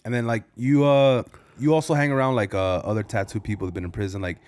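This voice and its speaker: A man's voice: mid-range voice, steady tone, fast talker, darkish tone, smooth, dry recording. A man hosting a podcast, asking casual questions with lots of hesitations and fillers. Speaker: podcast host.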